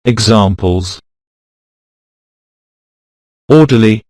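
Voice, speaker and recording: A man narrating a scripted pronunciation lesson, reading example words slowly and deliberately. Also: lowish voice, darkish tone, no room sound. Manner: slow, deliberate, reads words out one by one. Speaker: pronunciation teacher.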